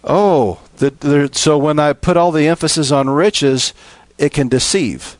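A man preaching a sermon, building from steady teaching to impassioned, emphatic appeals. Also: fairly high pitch, a little slow, no echo.

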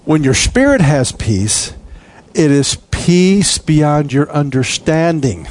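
A man preaching a sermon in an animated way, acting out voices and laughing as he goes. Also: on the high side, takes it slowly. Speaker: pastor.

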